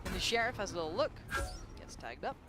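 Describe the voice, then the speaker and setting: A woman commentating a live esports match, quick and chatty with playful banter. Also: mid-range voice, big pitch swings. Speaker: esports caster. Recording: broadcast mix with loud music behind.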